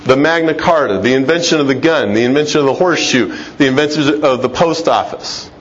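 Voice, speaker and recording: A man's voice: mid-range voice, brisk. A middle-aged man giving a conversational, emphatic lecture-style talk, with frequent restarts. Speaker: Christian speaker. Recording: dull lo-fi sound with faint noise.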